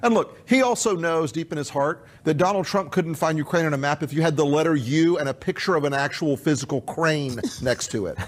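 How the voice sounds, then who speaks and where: A man's voice: a little high, a little fast, hardly any pauses. A man talking politics on a casual podcast, laughing derisively and restarting his sentences.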